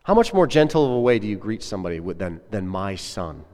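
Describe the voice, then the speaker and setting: A man's voice: lowish voice, sing-song, racing, mellow. A man preaching a sermon as a pastor, earnest and conversational, putting questions to his listeners. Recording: echoey hall with long reverb.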